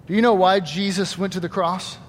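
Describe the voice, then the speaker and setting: A man preaching a sermon, lively and animated, acting out quoted voices and swinging between loud emphasis and quiet asides. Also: high voice, fairly quick, big-room sound, a little hiss or hum. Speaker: pastor. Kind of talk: Easter sermon.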